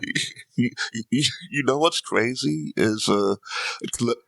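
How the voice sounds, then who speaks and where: A man's voice: medium pitch, measured pace, creaky, fairly bright tone, dry recording. A young English man with an English accent, chatting on a comedy podcast in a self-mocking way and laughing often. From England. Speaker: podcast co-host. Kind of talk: casual comedic chat.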